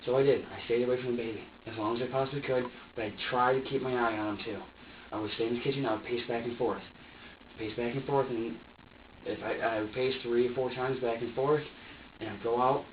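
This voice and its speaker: A man's voice: mid-range voice, steady tone, quick pace, distant mic. An agitated young man stammers and swears through an emotional confession in a police interview room. He sounds set back from the microphone in a roomy space, and the recording is dull with a faint hiss underneath. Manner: agitated, profane, stammering and repeating himself. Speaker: suspect under police questioning.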